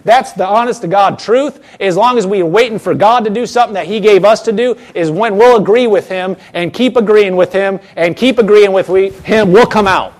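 A man with a high voice delivers a sermon from the pulpit. He speaks emphatically, repeating phrases and circling back with restarts as he presses each point. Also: moderate pace, few pauses. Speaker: pastor.

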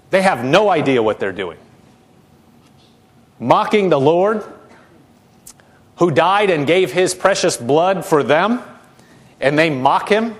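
A male pastor preaching a sermon, asking his congregation questions and repeating words as he goes. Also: fairly high pitch.

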